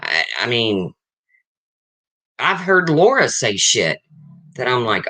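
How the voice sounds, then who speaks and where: A person in their fifties hosts a livestream and talks frankly to the chat. The voice is bright and forceful, and it swings widely in pitch. They keep circling back to the same points in plain, casual language. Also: big pitch swings, slow. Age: 50s. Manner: blunt and frank, repeats points. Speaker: livestream host.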